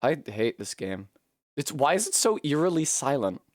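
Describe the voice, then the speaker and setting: A woman game streamer chatting to her viewers in loose, profane, rambling commentary. Her pitch swings widely, jumping into high yelps and shrieks when she fails. The sound is dry and close, with no room around it. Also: sing-song, moderate pace, a little mellow, no echo. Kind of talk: casual live-stream commentary while gaming.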